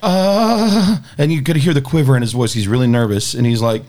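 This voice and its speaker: A man's voice: medium pitch, a little fast, a little mellow. A man hosting a casual podcast, griping at his co-hosts with teasing, mock-outraged banter. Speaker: podcast host.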